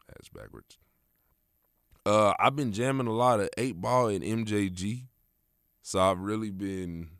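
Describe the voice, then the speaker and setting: On his solo podcast, a young host rambles easily with plenty of slang and filler words. The recording is dry and studio quality, capturing a lowish voice with a fairly bright tone.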